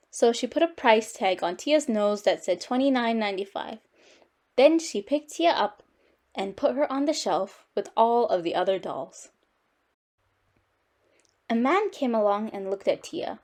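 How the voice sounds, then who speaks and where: A woman reads a children's story aloud with lively, expressive delivery. Her voice sits a bit high, and she leans into the telling like a storytime host. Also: unhurried. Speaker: storytime reader.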